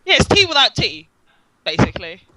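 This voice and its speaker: A woman from Finland, telling stories in an animated, wry way on a casual podcast. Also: on the high side, fairly quick, noisy background. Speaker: podcast participant.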